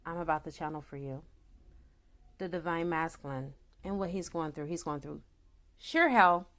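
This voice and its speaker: Chatty, excitable woman giving a tarot reading. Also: sits low, normal speed. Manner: excitable, chatty, addresses viewers directly; solemn invocation voice when calling spirits. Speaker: tarot reader and naturopath.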